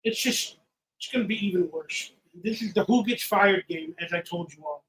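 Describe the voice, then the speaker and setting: A tipsy man hosting a live watch-party stream, ranting and swearing, swinging from loud outbursts to low mutters. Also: moderate pace, a little hiss or hum, low-quality recording. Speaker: livestream host. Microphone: headphones with mic.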